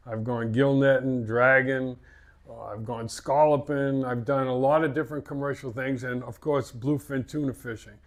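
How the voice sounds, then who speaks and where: A man's voice: medium pitch, fairly even intonation, normal speed. An older man with a Boston accent, a fishing captain telling stories in a casual interview, rambling and repeating words. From Massachusetts.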